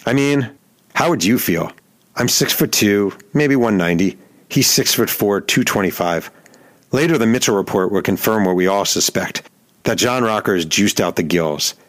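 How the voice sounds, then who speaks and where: A middle-aged man with a fairly low voice narrates his own story on a podcast. His delivery is dry and deadpan, with a wry edge. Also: moderate pace. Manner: wry, deadpan narration with heated acted-out quotes. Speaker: podcast host and journalist. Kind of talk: scripted first-person storytelling.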